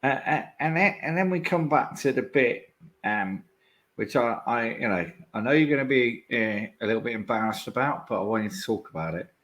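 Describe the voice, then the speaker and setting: A man's voice: mid-range voice, animated, fairly quick, a bit bright. Rambling male podcast host. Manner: rambling questions with restarts and fillers. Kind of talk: casual interview chat.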